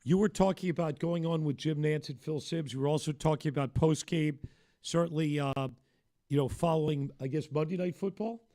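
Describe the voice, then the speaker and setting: A man co-hosts a live sports talk stream and keeps the conversation on track with measured remarks and dry quips. His voice is a touch high. The recording is close and dry. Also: warm tone, no room sound. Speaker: sports talk show co-host.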